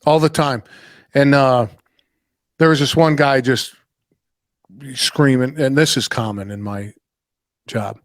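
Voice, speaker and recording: A man hosts a casual podcast chat, telling anecdotes, voicing what customers said in different voices, and swearing casually. He speaks slowly in a mid-range voice with long pauses. The recording is dry and studio-clean.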